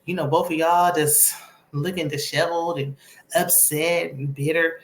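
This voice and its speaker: Sassy, lower-voiced woman recapping TV. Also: steady tone, unhurried, reverberant. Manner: chatty, sassy, opinionated. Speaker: TV recap vlogger. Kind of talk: casual TV episode recap.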